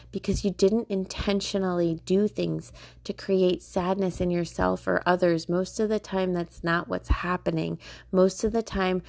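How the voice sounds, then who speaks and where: A woman's voice: on the low side, darkish tone. A young woman hosting a podcast, talking casually about self-love with lots of fillers, laughter and swearing. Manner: chatty, filler-heavy, swearing, laughing often. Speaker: podcast host.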